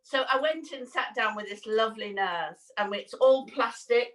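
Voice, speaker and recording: A woman's voice: a little high, normal speed, a bit bright, far from the mic, low-quality recording. A woman co-hosting a casual chat, telling a story with lots of laughter and acted-out voices. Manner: chatty storyteller, laughs often, acts out quoted voices. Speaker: co-host.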